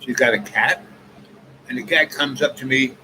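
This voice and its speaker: A man's voice: medium pitch, normal speed. Rambling older man telling a story. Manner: rambling, meandering with many asides. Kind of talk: casual personal storytelling. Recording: noisy background ambience.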